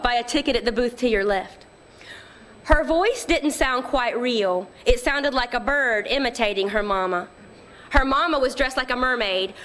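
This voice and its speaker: A woman author talks about her novel in a plain, conversational way, then reads passages from it aloud. Her voice sits a little above the usual pitch. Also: a bit bright. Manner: conversational, explains plainly before reading.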